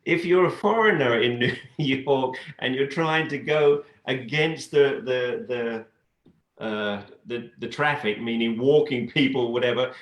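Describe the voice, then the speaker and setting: A man answering interview questions in a relaxed, halting way, often restarting his sentences. His voice sits at an ordinary middle pitch, and the recording has a roomy echo. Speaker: guest, dance adjudicator. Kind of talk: casual interview chat.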